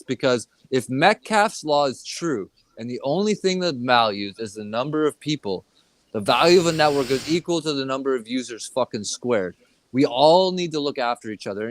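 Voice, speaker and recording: A man's voice: mid-range voice, no room sound. Swearing, ranting man co-host. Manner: profane, heated and ranting. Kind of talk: casual podcast chat.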